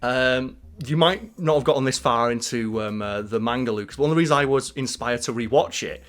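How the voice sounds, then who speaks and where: A man co-hosting a casual podcast, animated and laughing as he acts out quotes. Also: medium pitch, a little fast. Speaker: podcast co-host. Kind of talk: casual chat.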